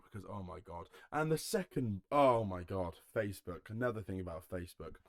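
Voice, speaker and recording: A man's voice: low-pitched, brisk, dry recording, clean studio sound. A young man from Herefordshire in England, hosting a solo podcast in a casual, jokey way, swearing and laughing often. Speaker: podcast host. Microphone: home recording setup.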